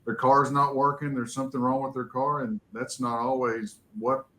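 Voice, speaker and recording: A man's voice: medium pitch, flat delivery, normal speed, sharp tone, poor audio. A man on an industry panel making his point earnestly and repeating it. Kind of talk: panel discussion.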